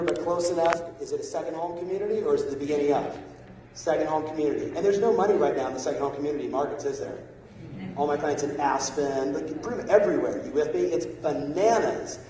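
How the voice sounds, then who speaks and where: A man's voice: a little high, a little mellow, slight background noise. A man giving a motivational sales talk in a large conference hall, punchy and constantly checking in with the crowd. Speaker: keynote sales speaker. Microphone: phone recording from the audience. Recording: echoey hall from far off.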